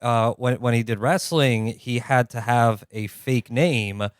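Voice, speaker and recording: A man co-hosting a podcast in casual comedic chat, dropping deadpan quips. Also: mid-range voice, a little slow, smooth, no echo, clean studio sound. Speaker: podcast co-host.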